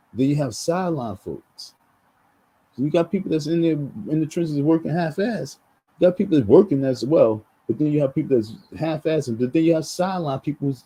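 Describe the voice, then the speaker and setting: A man rants on his vlog in a heated, circling way, repeating himself and restarting his sentences. His voice is very dark and mellow, with a husky edge, and sits a little high for a man. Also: rough recording. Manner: heated, repetitive ranting with many restarts and slang. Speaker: vlogger. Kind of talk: venting commentary vlog.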